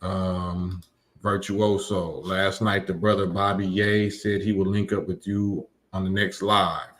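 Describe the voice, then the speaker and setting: A man's voice: low-pitched, level tone, measured pace, a bit bright. A man hosting a live stream, reading chat comments and lecturing emphatically, often repeating his points. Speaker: livestream host.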